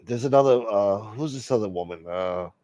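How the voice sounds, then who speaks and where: Low-voiced man ranting on a live stream. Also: moderate pace, a little mellow, no room sound. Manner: rambling, profane, opinionated. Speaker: livestream host. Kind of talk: casual live-stream chat.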